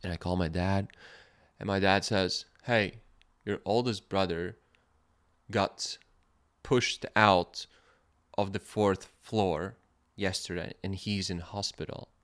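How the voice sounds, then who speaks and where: A man hosting a podcast, telling a personal story in a casual monologue, animated and laughing in places, quiet and reflective in others. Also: deep voice, takes it slowly, pauses often. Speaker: podcast host.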